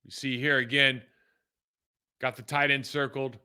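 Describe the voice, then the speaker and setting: A man's voice: mid-range voice, a little slow, clean tone. A middle-aged man from California, a former pro football player, talks casually and animatedly as he breaks down game film. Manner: conversational and animated, with fillers like "man" and "like".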